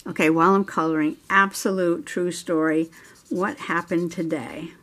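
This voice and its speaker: A woman's voice: on the low side, fairly even intonation, moderate pace, a bit bright. A middle-aged woman hosting a journaling video, telling a chatty story while she colors, laughing often. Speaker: journaling channel host. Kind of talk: casual crafting chat while coloring.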